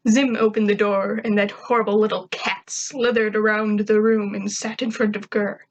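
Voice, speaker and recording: A woman's voice: mid-range voice, level tone, normal speed, muffled recording. A woman reading a first-person fan fiction story aloud in a wry, conversational way. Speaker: narrator.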